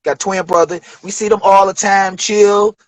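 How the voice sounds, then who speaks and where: A man in his forties from Detroit, a rapper telling studio stories in a loose, profane, animated way during an interview. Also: high voice, moderate pace, dry recording, low-quality recording. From Detroit, USA. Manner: profane, animated storytelling with acted quotes. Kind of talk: casual storytelling interview.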